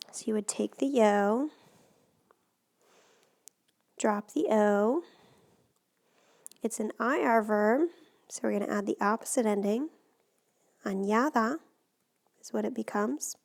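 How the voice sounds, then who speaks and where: A woman teacher walks through Spanish grammar in a recorded lesson, patient and methodical. Her voice sits a little high and often drops into a gravelly fry. She sounds close to the microphone. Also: slow pace, pauses often, a little mellow. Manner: patient, step-by-step explaining.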